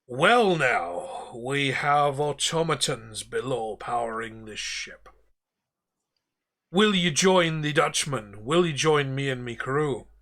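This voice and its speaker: A man's voice: mid-range voice, pushed and bright, exaggerated voice. Man doing a soul-hungry ghost captain. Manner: slow, drawn-out menace.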